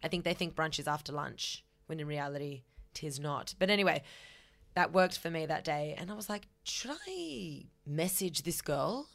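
A woman's voice: sits low, steady tone, brisk, fairly bright tone. A young Australian woman hosting a podcast, giving candid advice and telling a story in a chatty style, swearing freely. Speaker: podcast host.

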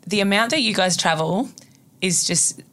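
A woman's voice: medium pitch, moderate pace, fairly bright tone. A woman co-hosting a podcast in casual chat, enthusiastic and swearing freely. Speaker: podcast co-host.

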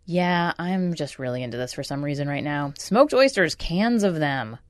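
A woman hosts a radio show, chatty and wry, full of asides. Her voice sits on the low side. The studio sound is dry and close. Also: animated, normal speed, dry recording. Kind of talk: casual radio chat and recipe tips.

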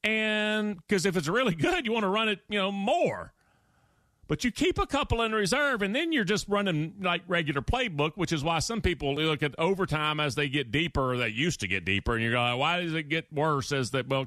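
A man's voice: fairly high pitch, a little fast, no room sound, studio quality. A man hosting a sports radio show, telling stories with emphasis and acting out quotes. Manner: animated storytelling, acts out quotes, emphatic. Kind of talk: opinionated sports talk monologue.

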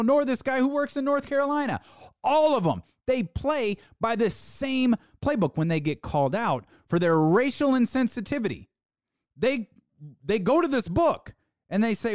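A podcast host giving an opinionated sports talk monologue, sarcastic, with mocking put-on quotes and dramatic pauses. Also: mid-range voice, dry recording, clean studio sound.

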